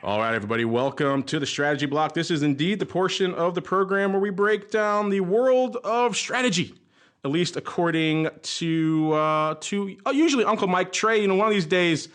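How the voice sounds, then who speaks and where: A man's voice: high-pitched, moderate pace, fairly bright tone. A man hosting a podcast segment, chatty and jokey as he introduces it. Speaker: podcast host.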